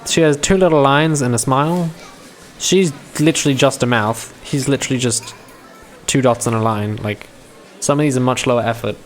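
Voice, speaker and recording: Male live streamer, mid-range voice; chatty, profane, stammering commentary. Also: medium pitch. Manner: profane, stammering, laughing often.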